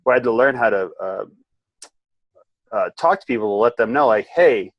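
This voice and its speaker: Man calmly talking in a podcast. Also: on the low side, fairly quick, no room sound, muffled recording. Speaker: guest. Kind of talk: casual conversation.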